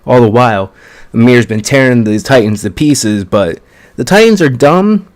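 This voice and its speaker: A man casually recapping an anime episode in an excited, chatty way, with plenty of swearing. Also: mid-range voice, moderate pace. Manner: excited, profane, chatty storytelling. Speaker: anime reviewer.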